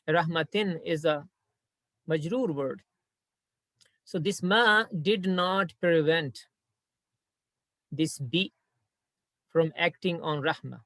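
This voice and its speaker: A man's voice: high-pitched, fairly bright tone, no echo. Man teaching grammar, dry close sound. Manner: patient, repeats points, recites Arabic verses quickly. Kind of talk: explaining Arabic grammar lesson.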